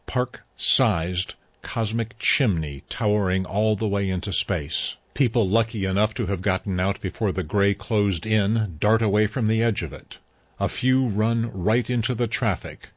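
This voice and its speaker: A man reading a story aloud in a measured, even way. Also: lowish voice, dry recording, lo-fi sound. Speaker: narrator. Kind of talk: scripted story narration.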